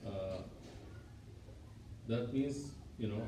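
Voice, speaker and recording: A man with a low voice asks hesitant questions from the back of a class. He is far from the mic in an echoey room, with noise behind him. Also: drawn-out words, mellow. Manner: hesitant, trailing off. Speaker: student asking questions.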